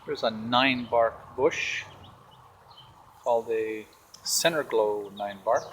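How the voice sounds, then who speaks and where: A man's voice: mid-range voice, noisy background. A man casually walking through his backyard garden, pointing out rocks and plants as he films. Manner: relaxed, pointing things out as he walks. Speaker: homeowner giving a garden tour. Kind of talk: casual walking video tour. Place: outdoors in a backyard garden by a pond. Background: faint outdoor ambience with birds and a jet.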